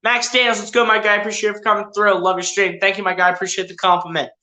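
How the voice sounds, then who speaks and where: In an echoey, roomy space, a streamer with a bright, mid-pitched voice runs through a basketball game play by play, quick-paced and flat. He's chatty and a bit hedging, speaking right to the players and viewers and correcting names mid-stream.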